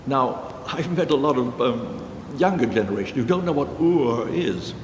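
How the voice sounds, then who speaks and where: A man musician telling a rambling story in a casual way, pausing with fillers. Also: medium pitch, lively intonation, a little hiss or hum. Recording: reverberant hall with guitar music.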